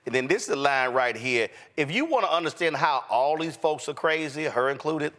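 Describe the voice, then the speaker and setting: A man's voice: on the high side, animated, a little fast, a bit bright. A man hosting a political commentary show, talking bluntly and emphatically in a colloquial way. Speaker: host.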